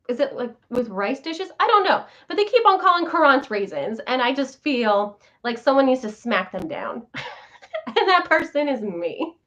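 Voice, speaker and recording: Bubbly, high-voiced chatty woman. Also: big pitch swings, normal speed, fairly bright tone, highs cut off. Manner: bubbly, chatty, giggly, reads viewer comments aloud. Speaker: vlogger host. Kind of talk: casual live chat with viewers.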